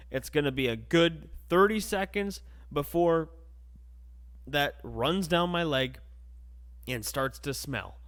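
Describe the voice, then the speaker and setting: Animated young man telling crude stories. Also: on the high side. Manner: animated, crude, acts out voices. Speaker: podcast host. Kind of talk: comedic storytelling monologue.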